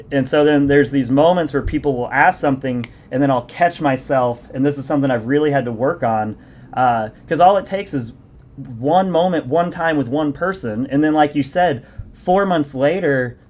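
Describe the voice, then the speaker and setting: A man hosting a casual podcast chat, telling stories from his coaching work at length. He rambles and pokes fun at himself along the way. His voice sits at a middle pitch. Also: moderate pace, darkish tone. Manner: rambling, self-deprecating storytelling. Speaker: fitness coach and podcast host.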